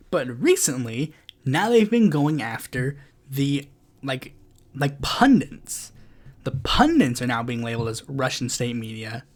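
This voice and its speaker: Male podcast host, sarcastic and exasperated, pitch swinging widely. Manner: exasperated, sarcastic, many fillers. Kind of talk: political commentary monologue.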